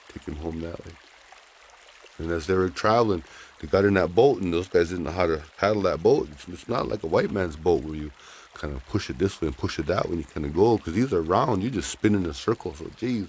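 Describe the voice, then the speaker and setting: A man telling a traditional story in a folksy, animated way with casual asides. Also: low-pitched, husky.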